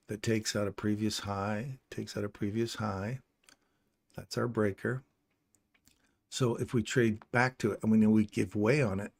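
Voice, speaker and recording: A fairly low-voiced middle-aged man from England gives relaxed, loose commentary while trading live. He thinks aloud as he walks through the chart and chats and jokes with his viewers between setups. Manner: chatty and joking with viewers. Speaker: livestream trader and channel host.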